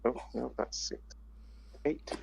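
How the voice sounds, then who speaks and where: A man's voice: slow pace, a little mellow, slight background noise. A man, a tabletop player chatting in a wry, joking way. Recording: lo-fi online voice chat.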